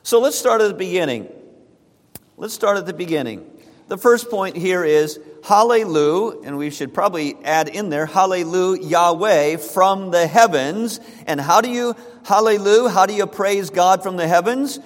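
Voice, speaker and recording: A man's voice: high-pitched, moderate pace. A man preaching a sermon to his congregation, emphatic and repeating key phrases for stress. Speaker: pastor. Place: church sanctuary. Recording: church hall reverb.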